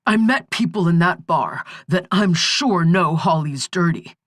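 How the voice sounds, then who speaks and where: A woman's voice: on the low side, expressive, a little slow, no echo, studio quality. A woman voicing a panicked jailed young man. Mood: angry. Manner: quavering, panicked, pleading. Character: desperate jailed young man, near tears. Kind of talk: audiobook character voice.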